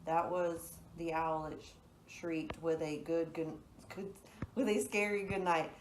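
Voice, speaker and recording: A woman's voice: low-pitched, a little mellow. A teenage girl playing a bold, scheming noblewoman who scorns cowardice, reading plainly with occasional slips in a school reenactment. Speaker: student actor. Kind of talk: amateur school-project reenactment. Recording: echoey room with noise behind.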